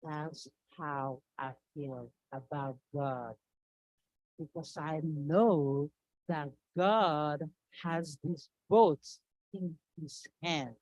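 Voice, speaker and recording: A woman voicing a calm warrior husband in a children's story. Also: deep voice, dry recording, highs cut off, full character voice.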